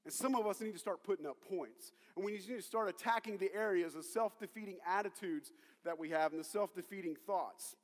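A man preaching a sermon as pastor, rallying the congregation and calling on them to shout back. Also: high voice, a little fast. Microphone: handheld or stage mic. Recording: long reverb of a large hall.

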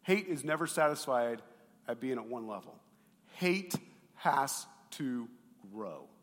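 A man preaching a sermon as pastor, animated and conversational, swinging between loud emphasis and quiet asides and asking the congregation questions. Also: mid-range voice, takes it slowly. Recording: long hall reverb.

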